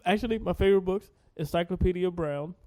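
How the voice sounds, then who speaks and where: A man's voice: sits high, fast, mellow. A man co-hosting a comedy podcast in a laid-back, easy-laughing chat. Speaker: podcast co-host. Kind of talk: casual chat.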